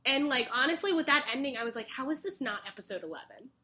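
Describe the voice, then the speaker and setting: Animated young woman, bright lively voice. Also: high voice, fast. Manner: animated retelling, acts out characters' lines, laughs often. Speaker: podcast co-host recapping a show. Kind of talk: casual chat.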